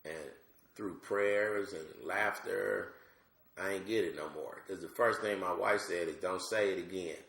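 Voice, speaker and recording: A man with a very low, gravelly voice tells a comic story in a loose, casual way. He is from Georgia and jumps into acted voices as he goes. The room around him is echoey. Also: unhurried. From Georgia, USA. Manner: animated, acts out voices with big pitch jumps. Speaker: comedian guest.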